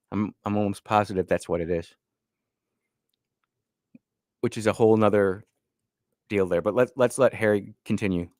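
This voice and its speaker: A man's voice: mid-range voice, dry recording. Emphatic male talk radio host, dry studio. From Northern Illinois. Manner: folksy, emphatic, frequent restarts. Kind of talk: political talk radio commentary.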